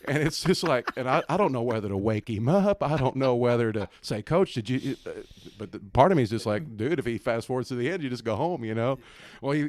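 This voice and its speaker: A man's voice: medium pitch, darkish tone, no echo. A middle-aged man, a former basketball coach, telling stories as a podcast guest, laughing often and acting out other people's lines. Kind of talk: storytelling in casual podcast chat.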